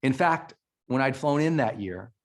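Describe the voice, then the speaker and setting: A middle-aged keynote speaker from Montana, USA, delivers an emphatic, emotional motivational speech to a live audience, often restarting his sentences. His mid-range voice is expressive and moves at a moderate pace.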